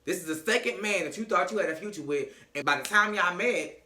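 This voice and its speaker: A man doing a comedic recap vlog of a reality show, sassy and animated, acting out the cast's lines. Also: sits high, fast talker, roomy sound, noisy background.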